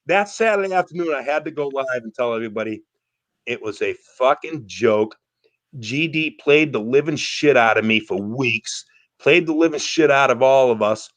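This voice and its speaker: A man's voice: medium pitch, lively intonation, moderate pace, a bit bright. A man hosting a casual online panel, telling a story in an emphatic, profane way. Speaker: live streamer hosting a panel.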